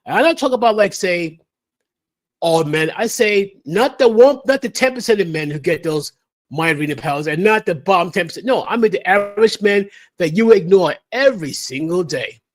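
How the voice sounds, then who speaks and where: A man's voice: sits high, lively intonation, moderate pace. A man hosting a livestream, ranting emphatically with a lecturing, repetitive delivery. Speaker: livestream host. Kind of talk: opinion rant on a livestream.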